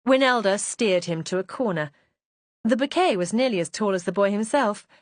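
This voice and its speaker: A woman narrating a first-person audiobook mystery in a composed, expressive manner. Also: medium pitch, normal speed, no room sound.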